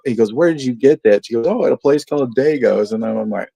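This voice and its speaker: A man's voice: mid-range voice, quick pace, vocal fry, mellow, slightly rough, dry recording. A man co-hosting a movie watch party, swearing freely, laughing often and telling rambling anecdotes. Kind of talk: casual chat.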